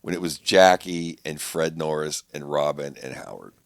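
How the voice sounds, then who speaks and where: A man's voice: a bass voice, moderate pace, gravelly, no echo, studio quality. A man who is a comedian, guesting on a podcast, talking in a rambling, repetitive way and jumping into quoted voices. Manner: rambling, repeats himself, jumps to quoted voices. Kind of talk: casual podcast chat.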